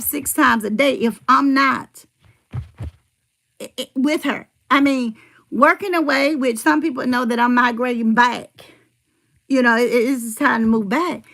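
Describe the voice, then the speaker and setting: A woman's voice: high-pitched, fairly even intonation, normal speed, gravelly, pushed and bright. A middle-aged woman rambling in casual livestream chat, telling family stories and answering her viewers' comments.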